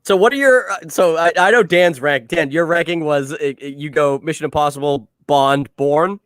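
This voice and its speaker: A man's voice: fairly high pitch, moderate pace, fairly bright tone, smooth, dry recording, clean studio sound. A man hosting a casual podcast chat, laughing often and steering the discussion. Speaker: podcast host.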